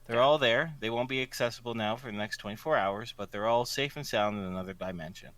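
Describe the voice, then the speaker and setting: A man running a tabletop game as game master, relaxed and full of fillers. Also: mid-range voice, fast talker, smooth.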